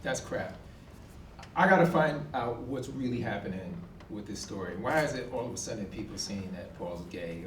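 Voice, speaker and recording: A man in his forties telling a personal story on stage, animated and acting out the dialogue. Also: mid-range voice, a little hiss or hum. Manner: animated, acts out quoted dialogue with emphatic outbursts. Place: college event hall. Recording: echoey hall from far off.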